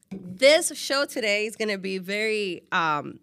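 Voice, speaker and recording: A woman podcast host with a Cuban Spanish accent, talking in an expressive, heartfelt casual chat full of fillers. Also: medium pitch, a little slow, no echo, clean studio sound. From Cuba.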